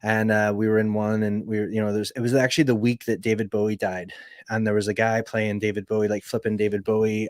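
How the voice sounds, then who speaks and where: A man's voice: fairly low pitch, no echo, studio quality. A man with a Northern Irish accent, a podcast guest chatting casually and rambling with lots of "like" fillers. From Northern Ireland. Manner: rambling, heavy use of "like" fillers. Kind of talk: casual conversational storytelling.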